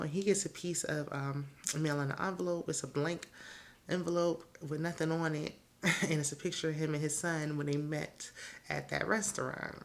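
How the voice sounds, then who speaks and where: A woman hosting a casual TV episode recap, chatty and opinionated, with laughing asides. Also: deep voice. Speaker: TV recap host.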